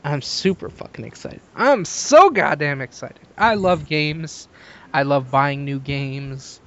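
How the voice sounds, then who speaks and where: Man from Canada, podcast host; higher pitch, dull lo-fi sound; teasing, casual. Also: slow. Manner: teasing, laughs at own jokes. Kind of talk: casual gaming podcast chat.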